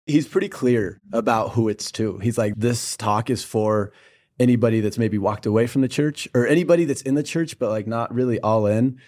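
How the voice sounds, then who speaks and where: A young man from Pennsylvania, co-hosting a casual faith podcast and telling a childhood story with lively storytelling. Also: mid-range voice, normal speed. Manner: storytelling, animated. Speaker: podcast co-host.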